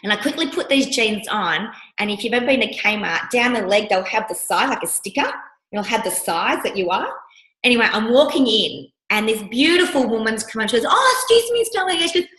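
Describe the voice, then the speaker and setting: A woman's voice: fairly high pitch, a little fast. A woman coach teaching a workshop, telling personal stories and acting out the voices she quotes. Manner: animated storyteller who acts out the voices she quotes. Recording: roomy echo.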